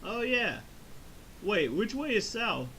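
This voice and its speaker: A man doing a goofy high-pitched voice for a clueless cheerful young hero. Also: sing-song, takes it slowly, sharp tone, slight background noise, heavily acted. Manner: goofy, clueless, sing-song. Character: dim-witted cheerful young male hero.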